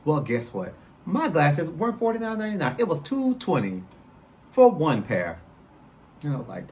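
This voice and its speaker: A man's voice: on the high side, normal speed. A man in his thirties spins a personal story, his voice bouncing up and down as he acts out every exchange. He talks right to the listeners, loose and chatty, over a faint background hiss. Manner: animated, addresses listeners directly, acts out quotes. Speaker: podcast host.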